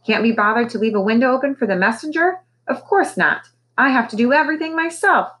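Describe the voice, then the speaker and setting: A woman's voice: a little high, expressive, quick pace, a bit bright, pitched above the performer's own voice. A woman voicing a bossy, grumpy female parrot messenger who squawks and complains indignantly in a storybook reading. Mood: grumbling.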